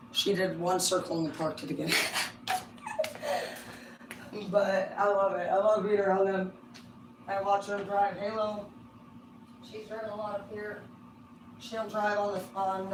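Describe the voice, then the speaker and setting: A middle-aged woman giving a casual, rambling tarot reading on a livestream. She talks excitably and swears constantly. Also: mid-range voice. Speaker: tarot card reader. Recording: roomy sound from a distance, faint hum.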